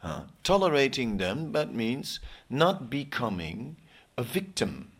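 A man giving an informal, rambling sermon, joking often and pausing with many fillers and restarts. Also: mid-range voice, very animated, fairly bright tone, slightly rough. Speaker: spiritual teacher.

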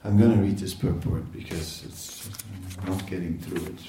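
A man giving an informal spiritual lecture, talking in a conversational, halting way with many fillers and laughing asides. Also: low-pitched, steady tone, mellow, distant mic, a little hiss or hum. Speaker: spiritual teacher. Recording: echoey room, voice from off-mic.

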